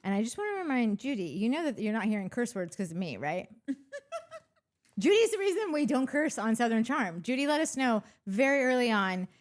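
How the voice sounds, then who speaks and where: A woman's voice: fairly high pitch, very animated, a little fast. A woman co-hosting a podcast, chatting playfully and teasing, often giggling. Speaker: podcast co-host. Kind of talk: casual recap chat.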